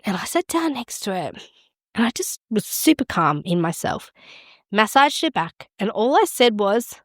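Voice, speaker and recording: A woman's voice: mid-range voice, very animated, normal speed, no room sound, studio quality. A middle-aged woman hosting a midwifery podcast, giving frank, encouraging advice in a conversational way. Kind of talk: casual advice talk.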